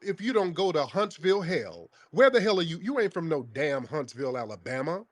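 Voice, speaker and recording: A man's voice: fairly high pitch, very animated, a little fast, no echo. A man hosting a call-in show, confronting a caller in a heated, scornful, interrogating way.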